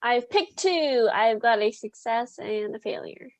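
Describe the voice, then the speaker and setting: A woman player in a tabletop game, easygoing and asking quick questions. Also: a little high, lively intonation, no room sound. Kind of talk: casual tabletop game chat.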